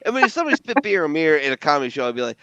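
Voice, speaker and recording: A middle-aged man hosting a podcast, telling stories in casual, profane, animated chat. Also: a little high, rapid-fire, lo-fi sound, a little hiss or hum. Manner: animated storytelling with profanity and laughter. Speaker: podcast host.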